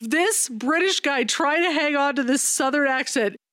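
A woman's voice: high-pitched, normal speed, a bit bright, dry recording, clean studio sound. A woman co-hosting a casual film review chat, rambling and profane as she picks apart the plot. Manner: rambling, profane, mocks bad accents. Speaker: podcast co-host.

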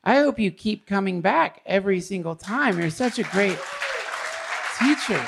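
A woman's voice: medium pitch, lively intonation, moderate pace, gravelly, crowd noise, background noise. A woman speaking in a live onstage conversation at a retreat, offering praise.

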